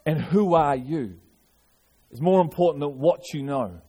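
Male pastor, fairly high voice, earnest sermon with restarts and repetition. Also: animated, unhurried, mellow, breathy edge.

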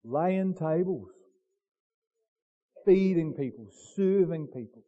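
A man preaching a sermon, swinging from quiet murmurs to loud, dramatic cries. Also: on the high side, expressive, slow pace, phone-quality sound.

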